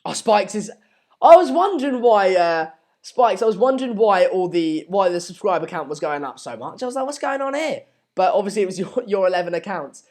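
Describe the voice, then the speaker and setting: A man's voice: high-pitched, brisk, a little mellow. A young man hosting a casual live stream, reading out viewer comments in a hesitant, rambling way with many fillers.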